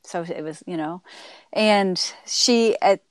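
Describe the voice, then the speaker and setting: A woman author and speaker, a guest in an interview, telling stories in a halting way with frequent restarts and fillers. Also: lowish voice, smooth, dry recording, clean studio sound. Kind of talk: casual interview storytelling.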